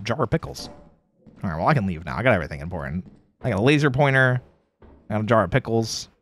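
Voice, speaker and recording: A young man streaming a horror game, chatting casually with friends, joking and jumpy, yelling when scared. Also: mid-range voice. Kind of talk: casual gaming stream chat.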